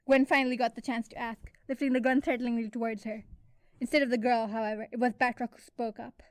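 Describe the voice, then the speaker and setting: A woman's voice: on the high side, level tone, fast, no echo. A young woman reading her own fanfiction aloud in a casual storytelling manner, on a close home mic. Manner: casual storytelling with occasional slips. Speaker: fanfiction reader and writer.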